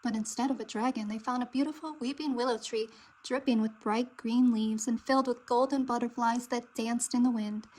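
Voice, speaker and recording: A woman narrating a children's picture book aloud with expressive, dramatic delivery. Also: on the high side, fairly quick, rough recording. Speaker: storybook reader.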